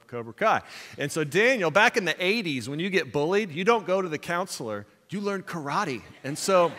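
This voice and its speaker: A man preaching a sermon as pastor, telling a movie story with animated quoted lines before turning it into a spiritual point. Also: fairly high pitch, long reverb tail. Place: church sanctuary.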